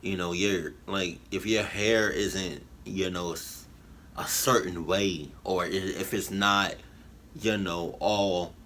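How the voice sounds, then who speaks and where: A man giving halting, emotional commentary on a reaction video, full of fillers and restarts. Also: sits low, steady tone, fairly bright tone, a little hiss or hum. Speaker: YouTube reactor. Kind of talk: rambling heartfelt commentary.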